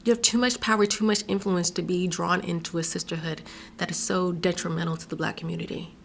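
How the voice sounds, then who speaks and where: A woman's voice: lowish voice, fairly even intonation, a little fast, gravelly, slight background noise. Sassy, emphatic woman podcast host. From Virginia, USA. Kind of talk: solo podcast commentary.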